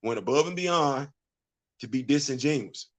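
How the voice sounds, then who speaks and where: A man's voice: mid-range voice, lively intonation, normal speed. A man hosting his own vlog, giving casual opinion commentary full of emphatic repetition and rhetorical questions. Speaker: vlog host.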